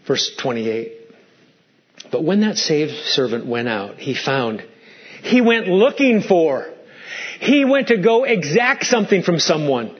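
A man's voice: on the high side, sing-song, unhurried, highs cut off. A man preaching a sermon as pastor, emphatic and fond of stacked rhetorical questions.

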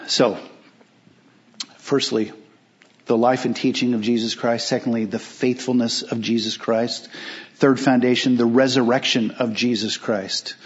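A man preaching a sermon as pastor, emphatic, asking rhetorical questions and slowing down on key phrases. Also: mid-range voice, flat delivery, muffled recording.

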